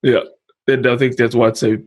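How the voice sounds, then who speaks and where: A man's voice: medium pitch, level tone, darkish tone. A man with a New Zealand accent hosting a casual chat, laid-back and full of slang. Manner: laid-back slang-heavy banter, quick to laugh. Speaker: podcast host.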